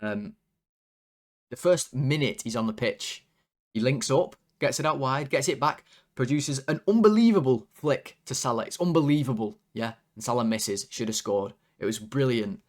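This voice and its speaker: A man hosts a casual football rant at a medium pitch. He talks animatedly and sounds exasperated, swearing freely. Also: normal speed. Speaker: football fan channel host.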